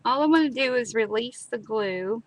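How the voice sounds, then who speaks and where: A woman's voice: on the high side, expressive, moderate pace, no echo, low-quality recording. A woman, chatting and telling stories while demonstrating a craft project. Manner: chatty storyteller, dramatic repetitions. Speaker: craft video host. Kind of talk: casual chat and craft demo. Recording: clear background noise, live stream.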